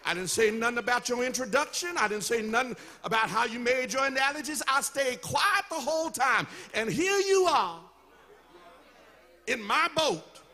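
A man's voice: extremely high pitch, animated, normal speed, heavily acted. A man preaching who voices an irritated, proud fisherman grumbling about a newcomer telling him how to do his job. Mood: indignant. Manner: complaining, rising to shouts. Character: irritated grown male fisherman, proud and indignant.

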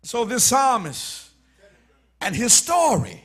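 Emphatic preacher man, lively high voice. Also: takes it slowly, husky. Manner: emphatic, repetitive, swings between soft and shouted. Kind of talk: sermon.

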